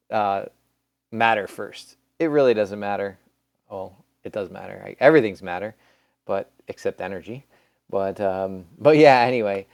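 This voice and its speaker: A man with a lowish, smooth and resonant voice gives a recorded science lesson. He talks casually and rambles, restarting phrases and filling gaps with ums. The sound is dry and close. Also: darkish tone, no echo. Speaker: teacher. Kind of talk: recorded classroom lecture.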